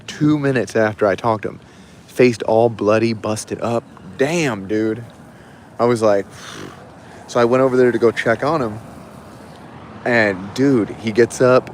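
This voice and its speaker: A man's voice: medium pitch, measured pace, a little hiss or hum. A man telling a story in a casual, rambling way, full of fillers, while livestreaming from a city street. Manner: rambling, excited, heavy on fillers. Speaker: livestream host.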